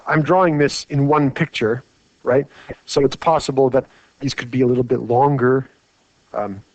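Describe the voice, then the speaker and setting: A man's voice: on the high side, dry recording. A man teaching a lecture while drawing on a whiteboard, chatty and full of rhetorical questions. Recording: dry, dull lo-fi mic.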